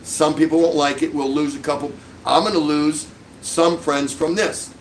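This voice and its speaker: A man's voice: fairly high pitch, level tone, moderate pace, slight background noise, low-quality recording. A middle-aged man hosting a livestream, delivering an angry, sarcastic rant full of insults. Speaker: livestream host.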